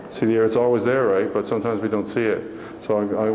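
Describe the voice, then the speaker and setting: Guy giving a motivational talk in a church, kinda low voice, earnest, lots of hall echo. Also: steady tone, fast talker, music in the background. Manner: earnest, folksy, asks the audience questions. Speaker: motivational speaker. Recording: echoey hall from far off.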